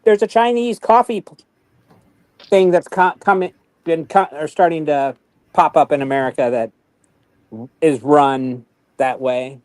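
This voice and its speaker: Male co-host, higher pitch, dry close mic, teasing, halting delivery. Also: clean tone, dry recording. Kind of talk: casual livestream chat.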